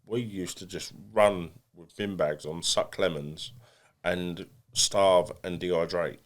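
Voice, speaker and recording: An English boxer, appearing as a guest on a casual podcast interview, talks bluntly and pokes fun at himself, restarting his sentences often. His voice is low-pitched and steady, and he speaks slowly.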